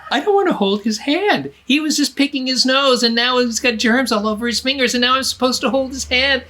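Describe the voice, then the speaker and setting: A woman's voice: sits high, fairly quick, sharp tone, pitched above the performer's own voice. A woman voicing a fussy little schoolgirl who is disgusted by germs, with a whiny, squealing delivery.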